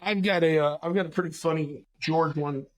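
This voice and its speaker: A man hosting a podcast, telling stories in a casual, animated way, swearing freely. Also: on the high side, brisk. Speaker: podcast host. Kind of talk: casual storytelling chat.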